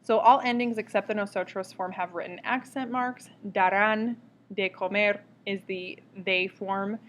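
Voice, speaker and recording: A woman teaching a recorded grammar lesson, explaining step by step in a clear, patient way. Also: mid-range voice, steady tone, unhurried, slight background noise. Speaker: Spanish teacher.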